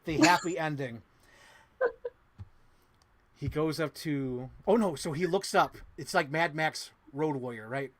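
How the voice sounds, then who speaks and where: A man with a slightly high voice recaps a movie with boyish excitement, cursing freely and humming the music between beats. He sounds close to the mic in a dry, deadened space. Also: measured pace, pauses often, no room sound. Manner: excitable, swears a lot, hums sound effects. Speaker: podcast host. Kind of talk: animated movie recap to a co-host.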